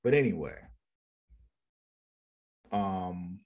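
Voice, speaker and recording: Man, mid pitch, loose profane banter, jumps into character voices, relaxed co-host. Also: very slow. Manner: profane, animated, acts out characters in quotes. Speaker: podcast co-host. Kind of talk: casual TV recap chat.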